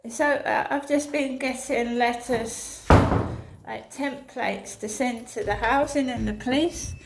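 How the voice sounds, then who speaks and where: A woman's voice: a little high, slow, vocal fry, noisy background. A woman, chatting casually to her channel while out walking her dog. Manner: chatty, incredulous storytelling. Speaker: vlogger. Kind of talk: casual chat.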